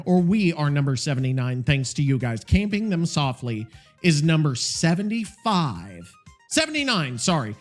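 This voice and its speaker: Worn-out podcast dude ranting, high voice swinging all over, lots of swearing. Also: male voice. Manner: profane, rambling, animated. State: tired. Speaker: podcast host. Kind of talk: casual solo podcast rant.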